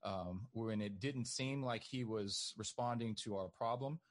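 A man's voice: lowish voice, a little slow. A man talking as a podcast guest, telling stories in a casual way and laughing often. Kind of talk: casual conversational storytelling.

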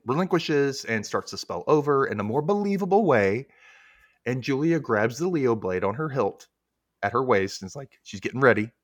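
Animated man recapping a show. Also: on the low side, no room sound, clean studio sound. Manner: animated storytelling, acts out quotes, laughs often. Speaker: podcast host recapping an episode. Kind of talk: casual recap chat.

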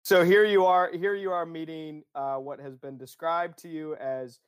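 A man's voice: fairly high pitch, fairly even intonation, normal speed, clean tone. A man hosting a podcast, summarizing the guest's story back to him in casual chat. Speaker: podcast host.

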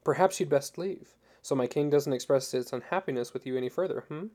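A man voicing a calm, courteous older gentleman who speaks politely and mock-apologetically. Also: mid-range voice, brisk, close to an everyday voice.

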